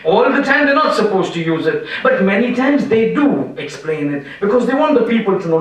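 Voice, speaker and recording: High-voiced preacher in an echoing hall. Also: male voice, fairly quick, few pauses. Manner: animated, repeats phrases, acts out dialogue. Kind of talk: sermon storytelling. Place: large hall in an Islamic center. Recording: echoey hall from far off.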